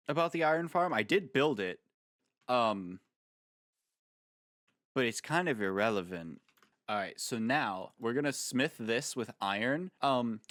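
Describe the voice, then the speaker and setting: A man's voice: medium pitch, fairly bright tone, dry recording, clean studio sound. A man giving casual gameplay commentary as a video creator, jokey and rambling, with playful asides.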